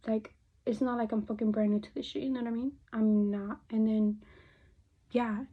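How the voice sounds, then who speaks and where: A woman's voice: on the high side, steady tone, moderate pace, husky. A young woman vlogger doing her makeup and chatting casually, swearing often and dropping into Spanish phrases. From United States. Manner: chatty, loose, swears a lot, slips into Spanish. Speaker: beauty vlogger. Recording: dull lo-fi phone audio.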